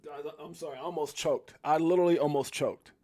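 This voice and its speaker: A man from Brooklyn hosting a casual crypto livestream, excitable and full of fillers. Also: fairly high pitch, fast talker. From Brooklyn, New York. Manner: excitable, laughing, lots of fillers.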